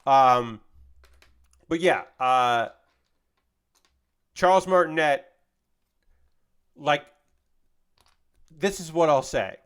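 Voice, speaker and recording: Streamer, man, slightly high voice; loose rambling chat with casual swearing while he builds. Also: expressive, drawn-out words, long pauses, a bit bright, clear, resonant tone. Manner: rambling, profane, reads chat aloud.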